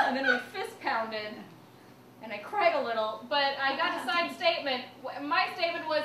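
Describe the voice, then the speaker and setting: A young woman performing a stand-up comedy set in a small venue, telling a self-mocking story with bursts of shouted punchlines. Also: high voice, expressive, unhurried. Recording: roomy, distant live recording with faint noise.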